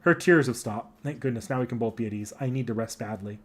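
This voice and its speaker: A man reading a visual novel aloud, narrating in a soft, earnest first person. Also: mid-range voice, quick pace. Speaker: anime club member narrating a game.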